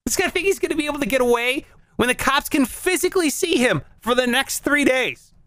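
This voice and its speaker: Animated comic monologue host. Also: sits high, brisk, dry recording. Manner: animated, jokey, jumps into silly voices. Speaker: comedy show host.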